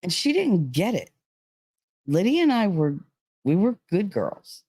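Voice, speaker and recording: A woman's voice: lowish voice, sing-song, measured pace, warm tone, slightly rough, no echo. A woman telling a personal story in a casual, rambling way, full of "like" and "you know.". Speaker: vlogger.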